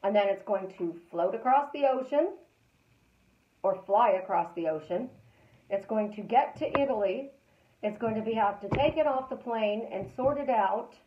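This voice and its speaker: A woman hosting a live stream as a life coach, talking casually and repeating calm affirmations in a chatty, storytelling way. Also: mid-range voice, moderate pace, echoey room, lo-fi sound, a little hiss or hum.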